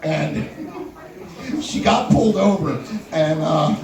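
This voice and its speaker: Young guy comic, high and lively, playful crowd banter; echoey room, off-mic, audience audible. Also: slow pace, distant mic. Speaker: stand-up comedian. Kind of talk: stand-up comedy set. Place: live comedy venue with audience.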